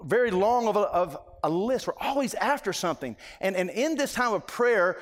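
A middle-aged man preaching a sermon, earnest and halting, often restarting his sentences. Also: high voice, animated. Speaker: pastor. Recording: long reverb of a large hall.

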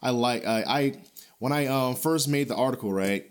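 This male podcaster speaks at a moderate pace with a medium pitch and clean tone. He's blunt and foul-mouthed, ranting with animation and frequent chuckles, and his casual commentary rambles along with lots of fillers and false starts.

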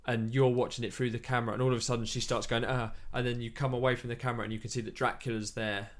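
A man's voice: mid-range voice, level tone, rapid-fire. A man chatting casually about films, rambling with many fillers and restarts. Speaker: podcast co-host.

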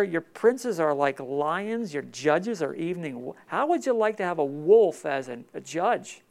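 Emotional high-pitched gravelly preacher man. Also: lively intonation, measured pace, few pauses. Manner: emotional, swings between loud emphatic and soft hushed. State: tearful. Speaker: pastor. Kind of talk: sermon.

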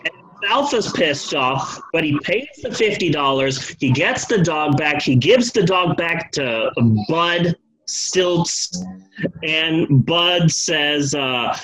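A man's voice: fairly high pitch, animated, slow pace, fairly bright tone, slight background noise, poor audio. A man casually telling a comic history story, loose and profane, slipping into the voices of the people in it.

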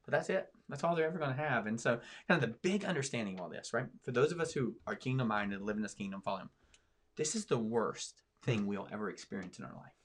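A man's voice: lowish voice, animated, quick pace, slightly rough. A man talking as a pastor in a podcast discussion, preaching with emphatic swings in his voice. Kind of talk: sermon-style podcast discussion.

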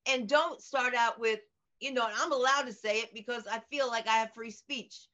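A middle-aged American woman comedian and teacher, telling stories in an animated, outspoken way during an interview. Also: a little high, moderate pace. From United States. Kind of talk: conversational interview over video. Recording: dull lo-fi audio.

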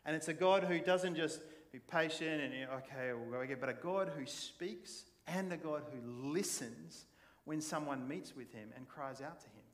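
A man preaching to a congregation in a relaxed, chatty way, slipping into little acted-out voices as he retells the story. His voice sits a touch higher than most men's. The hall gives a long, lingering echo behind him. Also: a little slow. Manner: conversational, animated storytelling. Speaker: pastor. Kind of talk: sermon. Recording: long church hall reverb.

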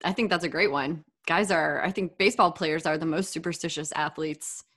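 A woman's voice: low voice, fairly quick, a bit bright. A woman co-hosting an interview, chiming in cheerfully with short comments. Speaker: co-host. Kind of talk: casual interview chat.

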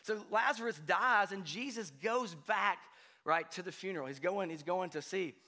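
A man preaching a sermon in a conversational way, often checking in with "right?" and swinging from hushed to loud. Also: sits high, moderate pace. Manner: conversational, frequent "right?" asides, animated swings from quiet to loud. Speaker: pastor.

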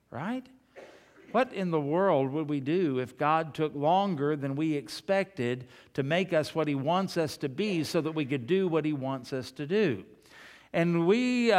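Guy pastor preaching, folksy and chatty, kinda higher voice. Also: in a large hall. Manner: folksy, chatty, jokes with the congregation. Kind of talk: sermon.

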